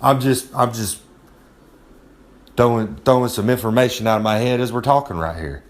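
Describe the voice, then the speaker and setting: A man delivers a casual, rambling monologue of advice, swaggering and streetwise. His voice sits in an ordinary middle pitch, and he keeps circling back to the same catchphrases with easy confidence. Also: normal speed. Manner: swaggering, loose, repeats "I'm just saying", streetwise slang. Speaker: recurring advice segment presenter. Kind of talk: casual monologue of wrestling tips.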